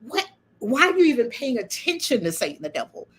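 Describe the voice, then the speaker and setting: Animated, preachy woman with a high voice. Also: fairly quick. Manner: animated, emphatic, preachy, laughs often. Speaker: channel host and spiritual speaker. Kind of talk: casual spiritual monologue.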